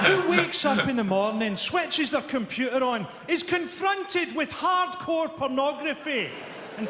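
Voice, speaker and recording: A Scottish man in his forties doing a stand-up routine before a live audience, delivering dry, dark one-liners with sharp punchlines. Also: very high voice, very noisy. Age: 40s. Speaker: stand-up comedian. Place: large theatre stage. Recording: echoey theatre stage with roaring crowd.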